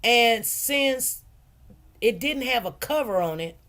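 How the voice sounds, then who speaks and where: A woman's voice: on the high side, lively intonation, takes it slowly, fairly bright tone. Chatty, rambling woman on a livestream. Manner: chatty, rambling, repeats phrases. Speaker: livestream host and food truck owner. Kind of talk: casual livestream chat.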